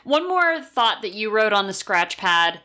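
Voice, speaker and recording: Bright-voiced woman in playful podcast banter. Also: medium pitch, sing-song, a little slow. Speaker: podcast co-host. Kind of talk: casual chat.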